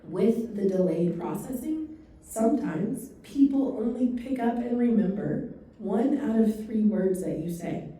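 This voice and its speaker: A woman giving a dementia care training talk to a live audience, telling stories and quick asides in a fast, animated way. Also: mid-range voice. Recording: echoey room from far off.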